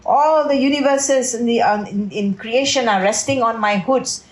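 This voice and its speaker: A woman's voice: on the high side, moderate pace, a little mellow, close to an everyday voice. A woman voicing a boastful, protective boy, Krishna's elder brother, who roars his commands. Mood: roaring. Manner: roaring, commanding. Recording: roomy echo.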